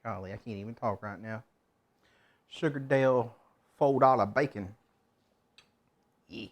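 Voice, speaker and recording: A man's voice: medium pitch, a little slow. A man talking his way through a cooking stream, his voice sitting in an ordinary middle range. He rambles and mutters to himself as he works at the stove in a home kitchen. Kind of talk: casual cooking stream chatter.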